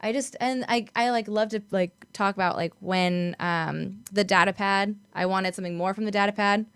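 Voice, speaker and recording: A woman with a smooth, clear voice, chatting casually and leaning on "like" as a filler. The recording is dry and close. She co-hosts a podcast. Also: medium pitch, steady tone, normal speed, fairly bright tone, no room sound. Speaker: podcast co-host. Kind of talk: casual chat.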